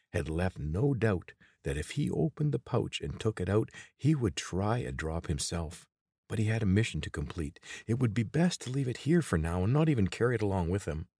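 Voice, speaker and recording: A man narrating a fantasy audiobook in a steady, measured way. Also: low-pitched, breathy edge, no room sound, clean studio sound. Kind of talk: scripted narration.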